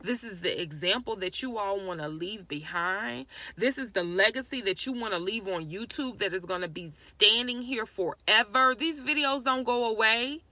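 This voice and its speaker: A woman's voice: medium pitch, normal speed, few pauses, pushed and bright, no room sound. A young woman vlogger ranting to camera, scolding people directly in an exasperated way.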